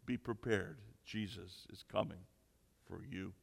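A man voicing a talking pet bird that speaks in a low, hushed, menacing tone during a sermon joke. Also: steady tone, unhurried, vocal fry, slightly rough, full character voice. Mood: ominous. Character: ominous male talking parrot. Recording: echoey hall.

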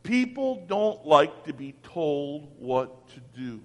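A man with a high voice preaching slowly and deliberately, his sermon swinging between ringing calls and hushed near-whispers. His words carry a long reverb from a large church hall. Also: very animated. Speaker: pastor.

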